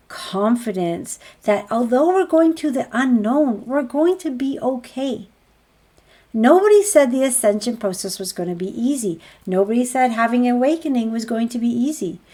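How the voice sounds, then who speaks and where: A woman speaking as a spiritual healer on a group healing call, earnest and encouraging, often piling up rhetorical questions. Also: on the high side.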